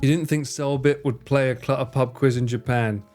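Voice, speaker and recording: A young man live streaming, chatting casually with viewers, swearing freely and acting out his friends' lines in higher voices. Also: steady tone, moderate pace, darkish tone, soft background music. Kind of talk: casual chat answering viewers.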